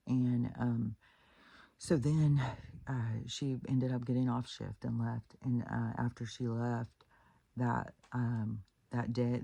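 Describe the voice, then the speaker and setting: This is a woman talking straight to her own audience in a loose, rambling vlog monologue. Her voice is dark, husky and gravelly. She restarts often and swears bluntly. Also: rumbling low, no room sound. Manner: rambling, with many fillers and restarts. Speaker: spiritual vlogger. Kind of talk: casual storytelling monologue.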